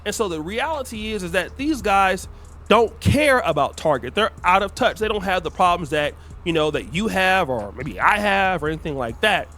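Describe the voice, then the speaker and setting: A man speaking in a measured, explanatory way about culture and marketing. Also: high voice, animated, pushed and bright.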